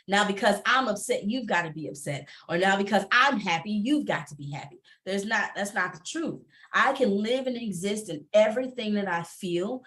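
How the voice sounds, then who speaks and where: A woman's voice: medium pitch, normal speed, few pauses. A woman, talking candidly and emphatically as a panelist on a video call, often laughing. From Atlanta area. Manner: animated, laughing, emphatic repetition. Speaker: panelist, entrepreneur and former teacher.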